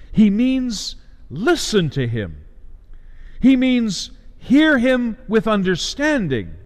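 A man delivering a sermon as a preacher, measured, with emphatic rises and slowed stresses. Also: fairly high pitch, long reverb tail.

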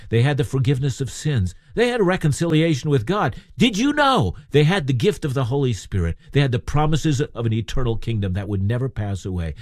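Guy preaching a sermon, really expressive up-and-down voice, dry close sound, chatty and asks the audience stuff. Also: medium pitch, dry recording. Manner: conversational, asks the listeners rhetorical questions.

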